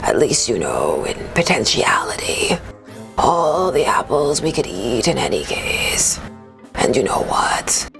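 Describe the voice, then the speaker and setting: A woman voicing a huge, bored male pig king in a low whispered role-play, languid and speaking in the royal we. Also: very animated, slow, a bit bright, soft background music, heavily acted. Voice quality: low breathy whisper, drawn out.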